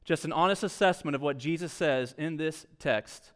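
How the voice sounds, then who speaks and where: A man's voice: fairly high pitch, moderate pace, clear, resonant tone. A young adult man, a pastor, preaching a sermon in a conversational, storytelling way with light self-deprecating humor.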